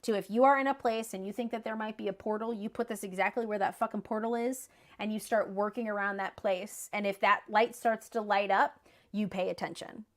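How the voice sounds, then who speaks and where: A woman in her thirties, a guest on a podcast, talking in an animated, casual way, often laughing and swearing casually. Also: mid-range voice, fairly quick.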